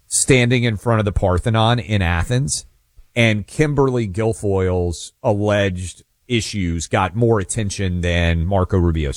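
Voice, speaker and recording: A man's voice: lowish voice, no echo, clean studio sound. Opinionated man co-hosting talk radio. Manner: opinionated, assertive, addresses listeners directly. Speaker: radio talk show co-host. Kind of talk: casual political talk radio.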